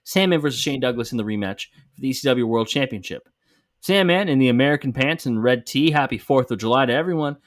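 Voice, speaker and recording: A man hosting a podcast in casual chat, relaxed, leading the rundown with dry jokes. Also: mid-range voice, fast talker, no room sound. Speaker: podcast host.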